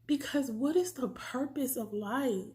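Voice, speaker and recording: Woman, high voice, slow, halting, confessional vlog, thirties. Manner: soft, halting, often whispered, breaking into tears. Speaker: family vlogger.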